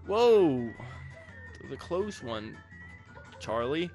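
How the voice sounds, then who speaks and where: A man's voice: mid-range voice, very animated, slow, darkish tone, soft background music. A man giving casual, jokey gameplay commentary as a let's play host, rambling with crude asides.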